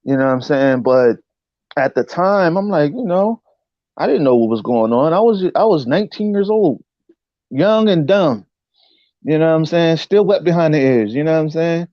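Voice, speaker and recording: A man telling a personal story as an interview guest in casual speech, animated and often saying "you know what I'm saying". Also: a little high, moderate pace, no room sound, dull audio. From United States. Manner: acts out voices in quotes.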